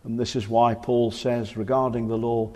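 A man in his forties preaching a fervent sermon in a church, swinging from emphatic declarations to hushed, grave warnings. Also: mid-range voice, level tone, moderate pace. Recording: reverberant church hall.

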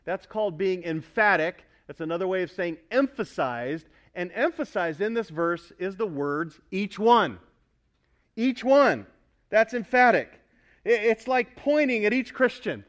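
Male pastor, high-pitched, emphatic sermon delivery, calls out to the congregation. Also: lively intonation, moderate pace. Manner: emphatic, builds to loud pointed repetition; asks the congregation for responses. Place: church sanctuary.

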